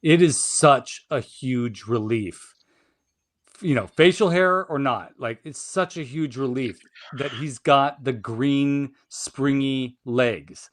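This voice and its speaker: A man co-hosting a podcast in casual chat, excitable, laughing often and repeating words. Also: mid-range voice, slow. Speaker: podcast co-host.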